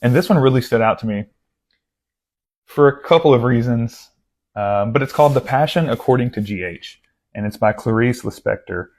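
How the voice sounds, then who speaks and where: A man's voice: medium pitch, animated, normal speed, a little mellow. A young man chatting casually about his latest book haul, rambling and self-deprecating, with lots of asides and restarts. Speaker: book vlogger.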